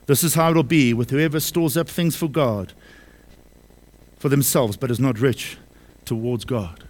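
A man's voice: mid-range voice, a little slow, pauses often, darkish tone. A man preaching a sermon to his congregation, emphatic, repeating key phrases and asking them questions. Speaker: pastor. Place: church service.

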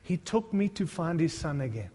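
A man's voice: on the high side, sing-song, moderate pace, a little mellow, slightly rough, big-room sound. A middle-aged male pastor preaching a sermon, mixing humorous, self-deprecating stories with fervent appeals to the congregation.

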